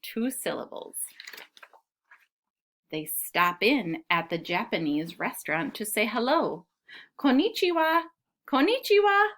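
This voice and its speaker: A woman teaching a preschool class, her voice rising and falling in a lively, animated way. She speaks with patient encouragement, slowing down to sound out and clap syllables for little listeners. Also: on the low side. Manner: claps and counts syllables aloud slowly. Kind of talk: reading a picture book to young children.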